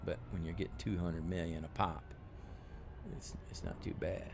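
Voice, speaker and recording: A deep-voiced man with a rough, gravelly edge chats through a gaming live stream. He rambles along in a laid-back way, full of "uh" and "you know", with a faint hiss under his voice. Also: steady tone, normal speed. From United States. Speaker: game streamer. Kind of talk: casual live-stream chat while gaming.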